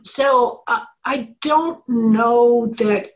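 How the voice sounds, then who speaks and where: A woman's voice: fairly high pitch, very slow, low-quality recording. Upbeat middle-aged woman explaining learning. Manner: animated explainer, acts out quotes. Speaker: engineering professor, interview guest. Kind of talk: conversational interview.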